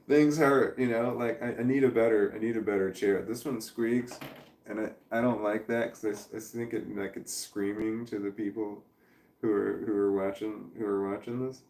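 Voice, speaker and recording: A man's voice: on the low side, steady tone, normal speed, gravelly, a little mellow. A man in his forties chatting casually on a livestream, rambling, swearing freely and chuckling as he reads viewers' messages. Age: 40s. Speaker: livestreamer reading chat. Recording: roomy sound from a distant mic.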